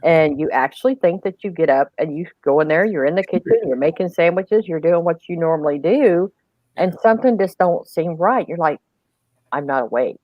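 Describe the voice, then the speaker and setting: A woman's voice: on the low side, lively intonation, normal speed. A woman with a mid-range voice speaks earnestly as a panel guest, stumbling and repeating words as she describes things. The sound is dull and dry, with no room echo at all. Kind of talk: casual chat.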